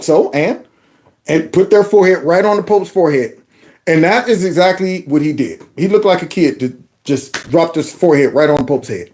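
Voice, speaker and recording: A man hosting a political commentary show, talking over clips in an animated, mocking way and repeating phrases in a singsong. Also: a little high, moderate pace. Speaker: commentary channel host.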